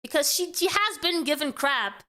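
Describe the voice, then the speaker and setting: A woman's voice: high voice, animated, normal speed, sharp tone. A woman hosting a casual commentary show, talking things through in a chatty way and often tagging her points with a question. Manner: chatty, keeps asking "right?". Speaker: commentary host.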